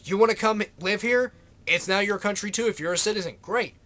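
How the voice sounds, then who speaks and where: A man's voice: sits high, brisk, a bit bright. A man ranting to camera in a vlog, sarcastic, exasperated and swearing freely. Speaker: vlogger. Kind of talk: political rant to camera.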